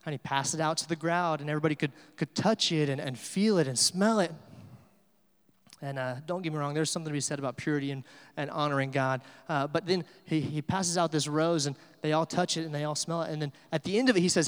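A man preaching to a church, his fairly high voice swinging from quiet reflection to loud, emphatic peaks. The sound carries a long, ringing reverb from the sanctuary. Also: brisk. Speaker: pastor. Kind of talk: sermon.

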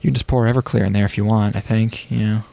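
A man co-hosting a podcast, chatting casually with dry, deadpan jokes. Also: on the low side, fast talker, gravelly. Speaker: podcast co-host. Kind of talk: casual chat.

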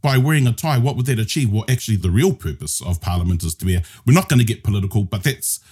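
A man with a New Zealand accent, a guest on a podcast, patiently teaches Māori grammar, switching between Māori and English. His lowish, husky voice is darkish in tone, quick and lively in intonation.

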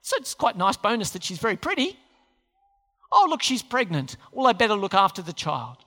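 Smug, self-justifying old king, lively sing-song delivery, echoing hall, as a preacher puts him on. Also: mid-range voice, brisk. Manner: mocking, sing-song impression. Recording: long hall reverb.

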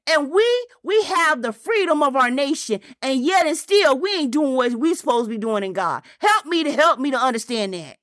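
High-voiced woman preaching fervently. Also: animated, moderate pace, few pauses, a bit bright, no echo, studio quality. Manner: fervent, repetitive preaching with rhetorical questions; colloquial Southern-style phrasing like y'all and ain't. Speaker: pastor. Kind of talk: sermon.

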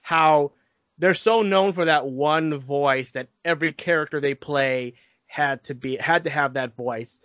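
A man's voice: on the high side, unhurried, fairly bright tone, dry recording. A man in his thirties co-hosting a podcast, chatting casually and explaining with examples. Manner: easygoing, explains with examples, brief agreements. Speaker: podcast co-host. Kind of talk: casual chat. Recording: dry, dull lo-fi sound.

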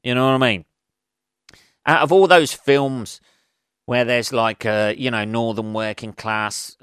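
A man's voice: medium pitch, fairly even intonation, a little slow, pauses often, a bit bright, clean tone, dry recording. An English man, a comedian hosting his own podcast, rambling casually with lots of swearing and self-mocking asides into a close mic.

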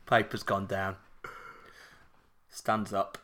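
A man's voice: sits low, flat delivery, takes it slowly, bright, forceful tone. A man on a podcast telling a funny anecdote in casual chat, swearing and laughing at himself. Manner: wry and swearing, laughs at his own anecdotes. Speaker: podcast co-host.

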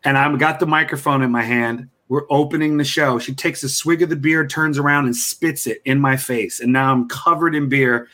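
A man's voice: mid-range voice, normal speed, hardly any pauses. A man, a comedian guest, telling stories from his career with lots of laughing in a podcast interview. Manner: animated, laughing storyteller.

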